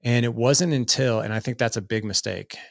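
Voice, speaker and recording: A middle-aged man tells his story as a podcast guest, earnest and loose, leaning heavily on "like" as a filler. His mid-range voice is brisk and gravelly, captured in a dry, studio-quality recording.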